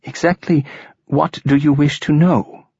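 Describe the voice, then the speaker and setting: A man's voice: fairly high pitch, fairly even intonation, a little mellow, husky, no room sound, voice pushed up. A man reading a cautious captive statesman. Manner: cautious, measured. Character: male Secretary General held captive, cautious and composed. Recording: dull lo-fi recording.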